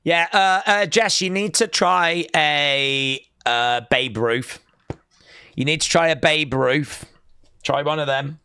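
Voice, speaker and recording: A man hosting a live wrestling watch-along stream, reading out chat messages and reacting with excitable bursts of cheering. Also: on the high side, slow, clear, resonant tone.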